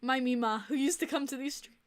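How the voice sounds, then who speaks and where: A woman hosts a casual livestream podcast in a somewhat high voice. She talks with open emotion and rambles, with frequent fillers and restarts as she chats to her viewers. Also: brisk. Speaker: podcast host and streamer.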